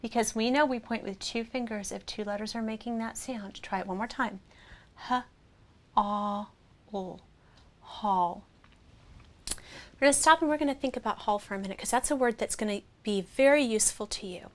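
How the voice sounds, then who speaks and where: A woman teaching a phonics lesson, sounding out vowels slowly and clearly and praising the listener. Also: a little high. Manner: slow, clear, encouraging, sounds out each vowel.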